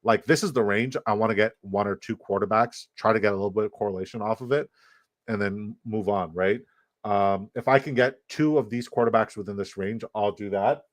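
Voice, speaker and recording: Brash, profane livestream host, low voice. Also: male voice, fairly quick, no room sound. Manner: brash, profane, hype-man delivery. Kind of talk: casual livestream chat.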